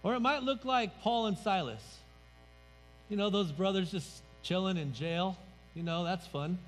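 A male pastor preaches in a church sanctuary, conversational yet emphatic, his voice dropping at the ends of phrases. His voice sits high and he speaks a little slowly. The hall is reverberant, with faint music in the background.

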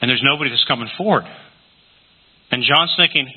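A man preaching a sermon, telling scripture stories with lively acted-out quotes in a husky voice. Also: mid-range voice, brisk. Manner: animated storytelling, acting out scripture quotes. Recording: tinny lo-fi recording in a reverberant hall.

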